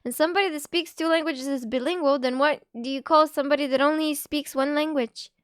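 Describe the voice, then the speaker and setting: A woman streamer chatting casually on a live stream, giggly and quick with asides, leaning on "like" a lot. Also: high voice, fairly even intonation, no echo, studio quality.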